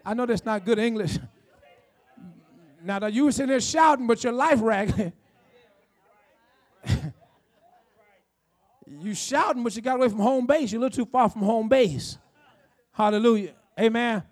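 A man with a very high-pitched voice preaches to his congregation from a church pulpit. He is emphatic and repetitive, calling for responses from the people listening. He stretches out key phrases slowly. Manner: slows down to draw out key phrases. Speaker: pastor. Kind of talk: sermon. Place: church sanctuary.

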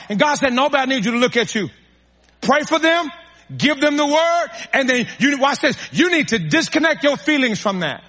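A man preaches with a strikingly high, bright voice that rings through a large reverberant hall. He hammers points with repeated phrases and calls out to his congregation as he goes. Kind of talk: sermon.

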